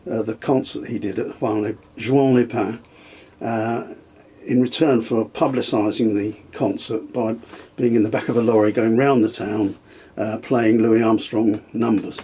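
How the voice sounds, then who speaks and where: Older man, husky and halting. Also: lowish voice, steady tone, dark tone. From England. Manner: hesitant, many ums and restarts, chuckles often. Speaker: interviewee, the host's father. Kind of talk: casual reminiscing interview.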